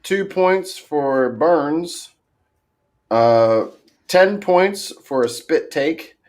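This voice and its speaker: A playful male host chatting on a livestream over a video call, goofy and quick to laugh. His voice sits a little high for a man. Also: animated, darkish tone. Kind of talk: casual livestream chat.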